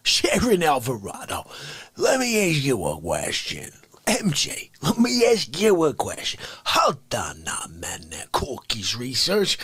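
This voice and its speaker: A gravelly, hoarse older Bronx tough guy, hissing menacing questions that break into high shouts. The voice swings wildly up and down, sitting strangely high for a man. The recording is dry and close. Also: dry recording, heavily acted. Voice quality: raspy, hoarse whispering, sudden shouts. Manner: menacing interrogating rants. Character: raspy older male Bronx tough guy demanding respect.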